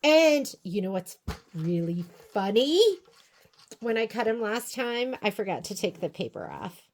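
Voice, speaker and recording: A woman giving a casual step-by-step crafting and cutting software tutorial, chatting to herself and to viewers as she works. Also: mid-range voice, very animated, a little slow. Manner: chatty, talks to herself while working, asides to viewers. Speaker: sewing and crafting instructor.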